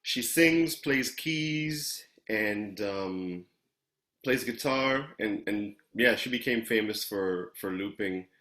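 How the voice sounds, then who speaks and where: A man's voice: fairly low pitch, takes it slowly, a bit bright, reverberant. A man hosting a casual interview over a video call, easygoing and affirming, often repeating his words. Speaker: interview host.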